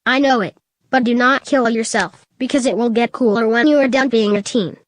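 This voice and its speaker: A woman voicing a grieving middle-aged mother in a storybook reading, speaking slowly and earnestly. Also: fairly high pitch, no echo, clean studio sound, natural voice.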